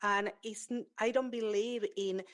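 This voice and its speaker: A woman's voice: mid-range voice, fairly even intonation, measured pace. A woman hosting an interview podcast, a native Spanish speaker talking in an earnest, reflective way. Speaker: podcast host. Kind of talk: conversational interview.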